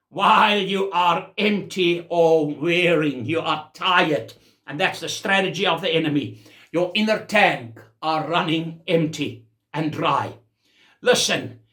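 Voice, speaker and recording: Man, pastor, South African accent, animated sermon, high bright voice, echoey hall. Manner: exclamatory, animated preaching. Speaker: senior pastor.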